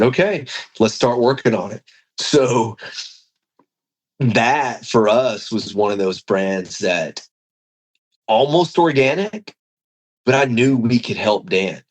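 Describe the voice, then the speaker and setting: A man's voice: on the low side, breathy edge, low-quality recording. A man, a fishing tackle executive, telling a story in a casual interview and acting out the dialogue. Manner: animated, acts out quoted dialogue.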